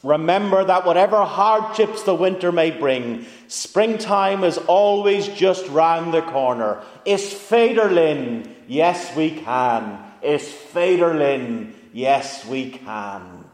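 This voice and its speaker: Rousing statesman's speech, slow and emphatic, as a preacher puts it on, in a reverberant hall. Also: a little high, animated. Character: impression of a famous statesman giving a rousing speech. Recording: echoey church hall reverb.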